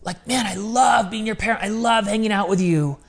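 A man in his forties co-hosting a podcast, talking candidly and earnestly in quick bursts. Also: sits high. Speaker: podcast co-host. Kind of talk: candid conversational podcast talk.

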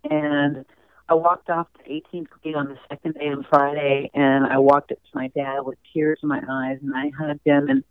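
A chatty woman recounting her past in an easygoing interview voice. Her voice is smooth and clear despite the thin, phone-like line. The sound is dry and close, with no room around it. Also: low-pitched, flat delivery, normal speed, no room sound. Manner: chatty, warm storyteller, laughs easily. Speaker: interview guest, former golf champion. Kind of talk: conversational interview storytelling.

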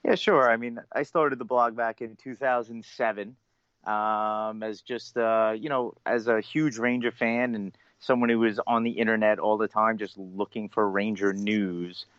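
A man with a Long Island accent co-hosting a casual sports podcast, relaxed and full of "you know" fillers. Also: lowish voice, a little slow, dry recording. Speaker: podcast co-host and blogger. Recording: dull, dry lo-fi mic.

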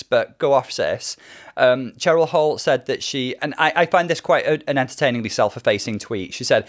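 A man's voice: mid-range voice, normal speed. A British man co-hosting a podcast, chatty and wry, laughing often. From Britain. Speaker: podcast co-host. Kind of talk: casual chat.

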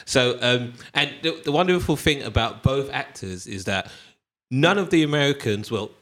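A man's voice: medium pitch, expressive, normal speed, a bit bright. A man in casual podcast chat, rambling and swearing, with many ums. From Britain.

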